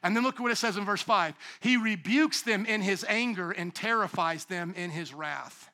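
A middle-aged man preaching a sermon, swinging from hushed lines to shouted ones. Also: high-pitched, fairly even intonation, moderate pace, vocal fry. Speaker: pastor.

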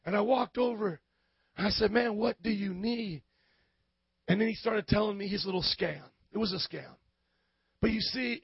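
A male pastor preaches with fervor, his voice sitting very high and climbing into shouts. The sound is dry and a little muffled, with no room around it. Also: creaky, husky, no room sound. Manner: impassioned preaching, rising to shouts. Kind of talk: sermon.

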